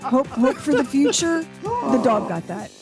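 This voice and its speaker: A woman's voice: high voice, big pitch swings, unhurried, music in the background. A woman co-hosting a radio show, teasing and playful in casual banter.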